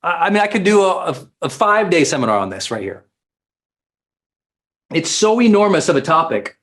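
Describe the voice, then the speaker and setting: A man who works as a life coach, giving an animated, emphatic seminar talk and repeating phrases for effect. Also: fairly high pitch, brisk.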